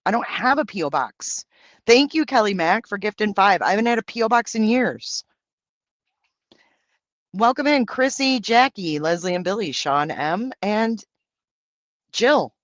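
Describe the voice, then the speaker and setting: A man's voice: high-pitched, lively intonation, unhurried, pauses often, fairly bright tone, no echo. A man hosting a livestream, reading out and answering viewer comments in brash, profane, campy banter. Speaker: livestream host.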